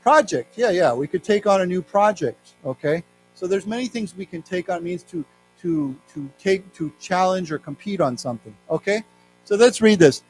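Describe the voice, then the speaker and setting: A middle-aged man with an American accent teaching an English lesson, explaining words and reading news aloud slowly. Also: high voice, animated, faint music behind, low-quality recording. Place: library lecture room.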